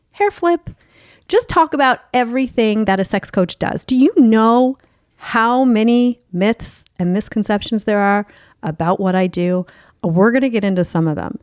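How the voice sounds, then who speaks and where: A woman's voice: medium pitch, darkish tone, dry recording, clean studio sound. A woman hosting a podcast as a sex coach, talking in a bubbly, playful and openly profane way. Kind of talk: candid podcast chat.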